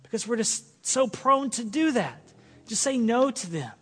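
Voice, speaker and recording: Man, pastor, sermon, earnest and dynamic, loud and soft swings, reverberant church sanctuary. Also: very high voice, animated, a little slow, husky.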